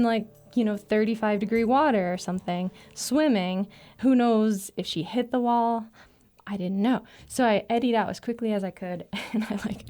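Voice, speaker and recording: A woman writer telling a personal adventure story in a casual, animated way, laughing often and filling with "like". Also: medium pitch. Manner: lively, breathless retelling with laughs and "like" fillers.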